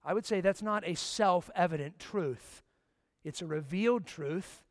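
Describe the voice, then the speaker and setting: A man preaching a sermon as pastor, impassioned, swinging from loud emphasis down to hushed near-whispers and putting direct questions to his listeners. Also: sits high, a little slow, no echo, clean studio sound.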